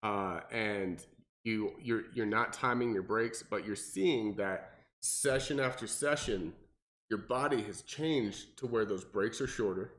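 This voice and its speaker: A young man, a personal trainer, explaining workouts in casual podcast chat and acting out clients in mocking voices. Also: unhurried. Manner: animated, acts out clients with high mocking voices.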